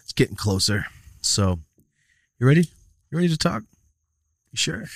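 A man's voice: mid-range voice, moderate pace, vocal fry, dry recording, studio quality. A man hosting a podcast in a casual chat, telling stories and acting out quotes. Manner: animated storyteller, acts out quotes. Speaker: podcast host.

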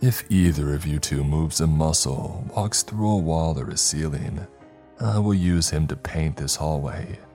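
A man voicing a creaky, contemptuous villain. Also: very deep voice, unhurried, dark tone, faint music behind. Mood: threatening. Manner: snapping, contemptuous. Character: creaky-voiced ruthless male surveillance boss, villain.

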